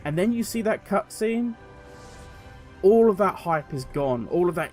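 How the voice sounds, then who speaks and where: A man giving opinionated video commentary as a gaming commentator, animated and sarcastic. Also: a little high, measured pace, soft background music.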